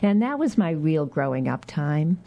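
This is an older woman from Michigan with a Midwestern accent, speaking as a radio guest. Her voice sits low and mellow, and she talks in an easygoing, chatty way, full of fillers and small laughs. The sound comes from a radio studio. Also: big pitch swings, moderate pace, vocal fry. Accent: Midwestern American. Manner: chatty and warm, laughs often, many fillers and restarts. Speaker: guest, outgoing city council member. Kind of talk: radio interview, reminiscing.

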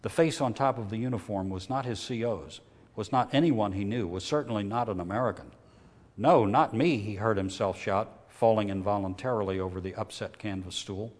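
A man reading a novel aloud in a measured, steady way, lifting his voice when characters shout. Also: lowish voice, long reverb tail. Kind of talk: audiobook reading.

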